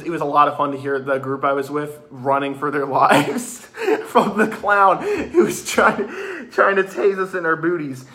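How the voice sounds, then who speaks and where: Excitable high-voiced young man. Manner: excitable, swearing, animated retelling with restarts. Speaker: vlogger reviewing a haunted attraction. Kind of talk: excited casual review.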